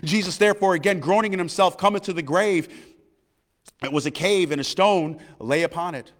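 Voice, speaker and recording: A man reading scripture aloud and then preaching, earnest and growing excited. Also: sits high, brisk, long reverb tail. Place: church.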